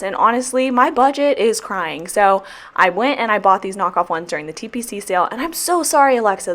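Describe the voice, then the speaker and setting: With a mid-range, fairly bright voice, a young planner vlogger and teacher walks casually through her weekly planner while sticker planning. She rambles and swears liberally, tossing in jokey apologies.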